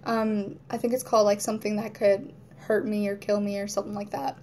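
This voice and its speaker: A woman's voice: mid-range voice, flat delivery, a little fast, dark tone, a little hiss or hum. A woman vlogging at home in casual chat to camera, rambling, laughing often and acting out moods in quoted voices.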